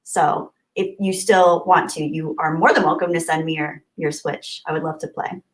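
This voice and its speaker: A woman's voice: deep voice, steady tone, moderate pace. A woman hosting a live stream, chatting casually and greeting viewers from the chat with gushing, friendly thanks. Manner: warm, gushing, chatty with frequent laughs. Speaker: livestream host. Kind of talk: casual livestream chat reading.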